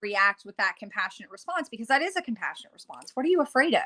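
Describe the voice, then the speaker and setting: A woman's voice: fairly high pitch, sing-song, rapid-fire, bright, forceful tone. A woman in her thirties co-hosting a casual chat, frank and reflective, laughing easily. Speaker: podcast co-host.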